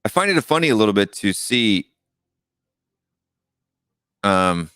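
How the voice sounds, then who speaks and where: Deep-voiced man, casual rambling. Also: very animated, sharp tone, clean tone, dry recording, clean studio sound. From United States. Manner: rambling, halting, with many fillers and restarts. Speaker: live call-in show host. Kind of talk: casual live-stream chat.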